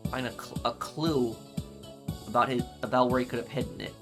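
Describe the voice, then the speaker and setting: Gaming host, middle-pitched man, reads characters out in voices, loud game music underneath. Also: steady tone, fairly quick. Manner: reads game dialogue aloud doing voices, chatty asides. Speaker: gaming YouTuber. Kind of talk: let's play commentary.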